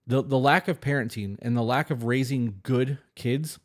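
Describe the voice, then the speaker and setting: Casting note: man, podcast co-host, blunt and profane, casual advice chat, mid-pitched. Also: moderate pace.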